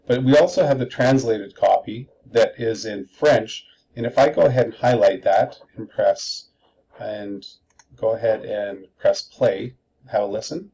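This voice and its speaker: Man, teacher, screen tutorial, dark and husky tone, muffled lo-fi recording. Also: fairly low pitch. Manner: methodical step-by-step explaining.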